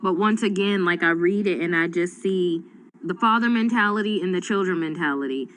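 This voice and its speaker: Animated woman in casual Bible chat. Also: lowish voice, brisk, poor audio. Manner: animated, acts out voices in retelling.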